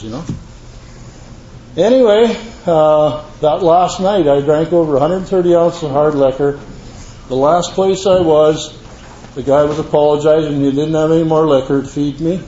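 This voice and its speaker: Older man, mellow and slightly high voice, earnest rambling testimony, dull lo-fi room recording. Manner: rambling, earnest storytelling with folksy asides. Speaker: recovery meeting speaker. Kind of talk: personal testimony to a live audience. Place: meeting room with an audience. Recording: echoey room, dull lo-fi sound, faint hiss.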